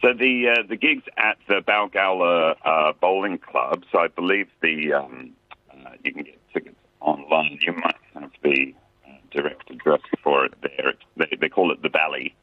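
A man's voice: rumbling low, normal speed, no room sound. A man, a musician guest chatting casually and self-deprecatingly in a radio interview. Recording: dry tinny phone line.

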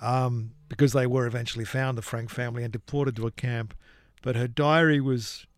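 A man's voice: medium pitch, fairly even intonation, fairly quick, dry recording, studio quality. A man co-hosting a casual chat, steering the talk and explaining things at length. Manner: chatty, leads the conversation, explains at length. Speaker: co-host.

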